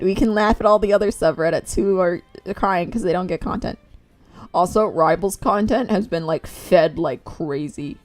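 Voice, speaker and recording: A woman's voice: on the low side, unhurried, a little mellow, faint music behind. Giggly streamer woman chatting while drawing. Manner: chatty, giggly, retells with acted quotes. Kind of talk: casual chat while drawing.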